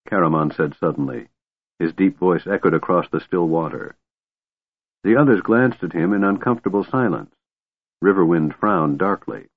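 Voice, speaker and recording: A man reads a fantasy novel aloud in a measured, steady way. His voice sits on the low side, and the sound is thin and phone-like, dry with no room around it. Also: dry recording. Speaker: audiobook narrator. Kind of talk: scripted narration. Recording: narrow phone-like dry audio.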